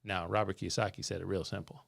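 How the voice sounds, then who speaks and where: This male host has a deep, level voice with vocal fry and a slightly bright tone, and he talks fast. He runs a live financial Q&A from a studio, telling a story, reading chat comments aloud, and quizzing his co-host in a livestream format.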